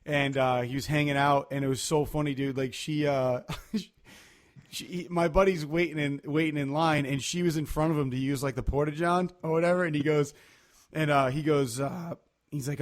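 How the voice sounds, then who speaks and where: A man's voice: on the high side, steady tone, brisk. A man, chatting casually on a podcast and telling loose, rambling stories full of fillers. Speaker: podcast co-host. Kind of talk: casual chat.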